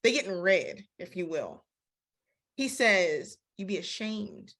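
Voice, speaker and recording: A woman teaching a casual Bible study, lively and slangy, acting out the verses she quotes. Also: medium pitch, slow pace.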